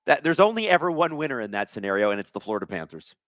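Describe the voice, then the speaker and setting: A man hosting a live hockey watch-along, reading viewer chat aloud and calling plays with excitable energy. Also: medium pitch, rapid-fire, no echo, clean studio sound.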